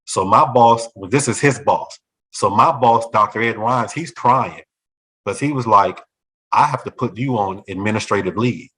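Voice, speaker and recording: Animated storytelling man. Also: lowish voice, moderate pace, low-quality recording. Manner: animated, acts out other people's voices in quotes. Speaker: former school principal. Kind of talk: storytelling in a talk show conversation.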